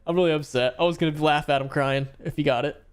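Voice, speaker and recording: Fast-talking blunt man. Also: fairly high pitch, fairly even intonation, clear, resonant tone. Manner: crude, blunt joking. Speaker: podcast regular. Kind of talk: casual chat.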